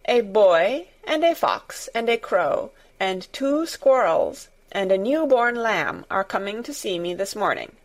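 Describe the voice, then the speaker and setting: A woman's voice: mid-range voice, very animated, measured pace, few pauses. A woman reading a storybook aloud and voicing a sickly, imperious young boy who gives orders in a lordly way. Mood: commanding. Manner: lordly, commanding.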